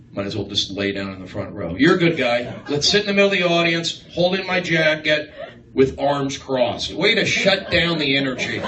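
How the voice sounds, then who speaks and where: A man doing a rambling stand-up set, riffing excitably on the crowd in a small comedy room. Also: mid-range voice. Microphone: far live-stream phone mic. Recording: echoey, distant livestream with room noise.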